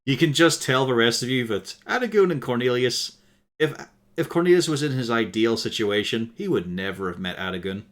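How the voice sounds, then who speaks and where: A man voicing a gruff, foul-mouthed male woodland caretaker who talks bluntly and sarcastically. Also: medium pitch, lively intonation, brisk, fairly bright tone, close to an everyday voice. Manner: blunt, sarcastic and swearing freely.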